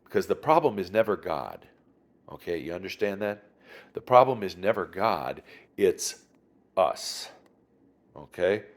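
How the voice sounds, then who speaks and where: A man, a pastor, teaching through a Bible passage in a conversational way, pausing and restarting and putting questions to his listeners. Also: low voice, big pitch swings.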